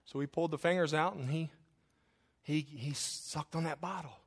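A man delivers a sermon to his congregation. His voice sits a little high, and he swings between loud, emphatic declarations and quiet, almost whispered asides, folding in homey stories as he preaches. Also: fairly even intonation, moderate pace, gravelly, breathy edge. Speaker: pastor. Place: church sanctuary, also streamed online.

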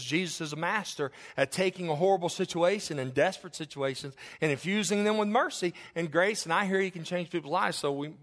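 A man preacher with a fairly high voice delivers a sermon as folksy, animated storytelling. He stumbles into repeated restarts and turns to ask his listeners direct questions.

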